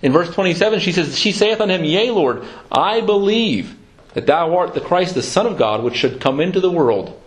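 A man preaching a sermon in an earnest, reflective way, slowing down to quote scripture. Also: sits high, lively intonation.

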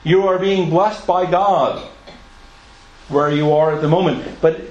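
A man's voice: on the high side, steady tone, measured pace, a little mellow, roomy sound, lo-fi sound. A man preaching a sermon in an earnest, emphatic way, asking his listeners questions and sometimes stumbling over and repeating words.

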